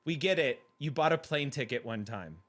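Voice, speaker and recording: A man's voice: medium pitch, animated, normal speed, a bit bright. A man hosting a livestream, chatting casually with viewers and laughing often in a playful way. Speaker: livestream host reading chat. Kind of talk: casual chat.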